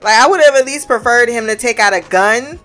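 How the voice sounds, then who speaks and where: A woman's voice: a little high, a little fast, fairly bright tone, faint music behind. Sarcastic woman reviewing a TV show. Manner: sarcastic, blunt, swears freely. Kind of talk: casual review commentary.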